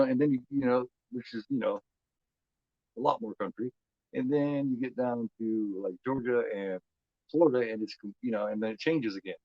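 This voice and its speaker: A man's voice: mid-range voice, no room sound, dull audio. A man from Indiana with a Midwestern American accent, hosting a movie watch-along stream in loose casual chat, rambling and repeating his words. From United States.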